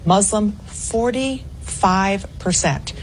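A woman anchoring a cable news discussion, reading out poll figures in a brisk, indignant way. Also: medium pitch, slight background noise, low-quality recording.

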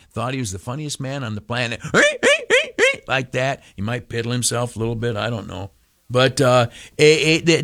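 A man's voice: medium pitch, creaky, a bit bright. A man hosting a talk radio show, telling a rambling, folksy story with lots of fillers and acted-out voices. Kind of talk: casual talk radio monologue.

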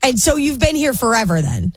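A woman's voice: a little high, very animated, brisk, husky, dry recording. A woman co-hosting a morning radio show, encouraging callers. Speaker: radio co-host.

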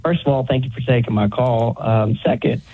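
Husky man calling in over a phone line. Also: mid-range voice, fairly even intonation, a little fast. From Northeast Tennessee. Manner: polite, eager. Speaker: caller. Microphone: telephone.

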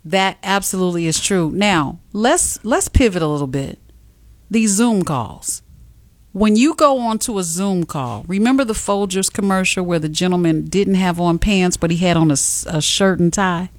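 A woman hosting a radio talk show, speaking in a measured, emphatic way. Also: lowish voice, animated, no room sound.

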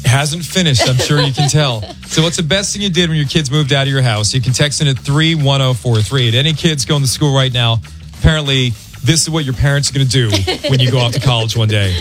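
A middle-aged man hosting a morning radio show, talking in an animated, dramatic, mock-aggrieved way. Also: medium pitch, brisk, soft background music. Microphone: studio mic.

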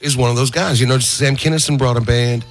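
A man's voice: mid-range voice, fairly even intonation, fast. A man on a radio show chatting casually about a comedy clip.

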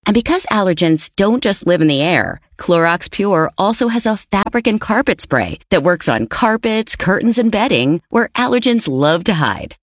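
A woman reading a product ad in an even, informative way. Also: mid-range voice, moderate pace, few pauses, dry recording, studio quality. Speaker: ad announcer. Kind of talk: calm scripted ad read.

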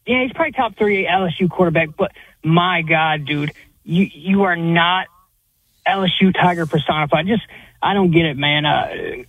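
A man's voice: on the high side, moderate pace, husky, no echo. A man calling in to a sports radio show, emphatic and ranting. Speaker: caller. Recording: tinny phone line.

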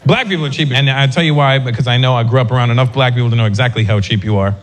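A man doing a stand-up comedy routine on stage, acting out people in quick voices. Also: medium pitch. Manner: animated, acts out characters in quick voices. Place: comedy stage with a live audience. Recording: noisy live show recording.

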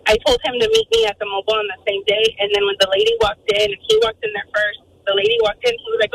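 A woman calling into a radio show, telling a story in a lively way and acting out the people in it. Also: extremely high pitch, racing, vocal fry, hardly any pauses. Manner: animated, quotes people in voices. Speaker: caller. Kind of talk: phone-in storytelling. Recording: phone line with faint noise.

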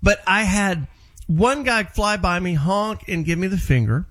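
A man's voice: sits high, a little slow. A man with a Southern US accent hosting a casual morning radio show, telling stories and joking with callers. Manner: animated storyteller, joking with callers.

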